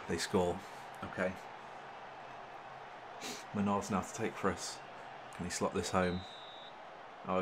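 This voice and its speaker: A young man commentating his football management game, excitable and exclaiming when things go his way. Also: low voice, background noise. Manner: excitable, swearing mildly in exclamations. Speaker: gaming channel host. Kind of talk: gameplay commentary.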